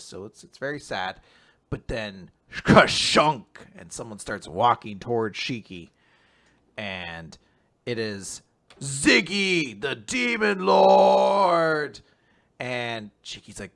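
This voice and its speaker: A young adult man co-hosting a casual manga recap podcast, animated and laughing often as he acts out scenes. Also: medium pitch, slow. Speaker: podcast co-host.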